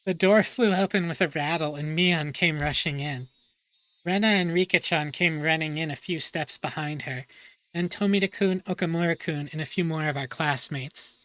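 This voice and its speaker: A woman streamer reads a visual novel aloud, breaking off for joking asides. Her voice is bright and clear. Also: low voice, moderate pace. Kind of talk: reading aloud with chatty asides.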